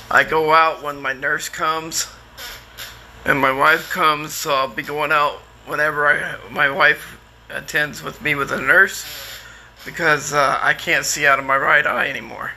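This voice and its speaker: Bright, gravelly-voiced middle-aged man. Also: fairly high pitch, a little hiss or hum. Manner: rambling, with frequent restarts and fillers; candid and plainspoken, sometimes swears. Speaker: man telling his life story. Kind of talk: casual personal storytelling.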